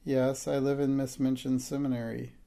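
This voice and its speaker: A man reading an audiobook, voicing a quiet, earnest orphaned young girl in a soft, plain voice. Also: mid-range voice, flat delivery, moderate pace, gravelly, lightly acted.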